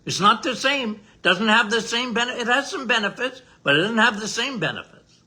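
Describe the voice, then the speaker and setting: Bright, lively older man preaching health habits. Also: extremely high pitch, moderate pace. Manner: emphatic, repetitive, folksy preacher-like delivery. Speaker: doctor and podcast host. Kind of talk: casual health talk monologue.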